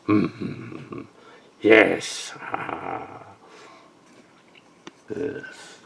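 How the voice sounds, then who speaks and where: A young man improvising deadpan voice acting for a fan-film parody, with muttered asides. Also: sits low, slow pace, creaky, long pauses, breathy edge.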